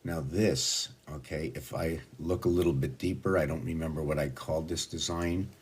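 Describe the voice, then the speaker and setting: A man's voice: very deep voice, steady tone, moderate pace, breathy edge. A man explaining a number pattern in a meandering, rambling way, with many restarts, counting sequences aloud. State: out of breath at times.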